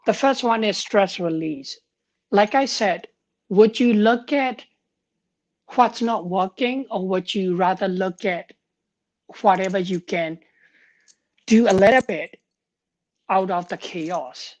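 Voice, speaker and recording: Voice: mid-range voice, slow, long pauses. A woman pharmacist talking on a live stream, telling a story in an earnest, heartfelt way and sounding tired.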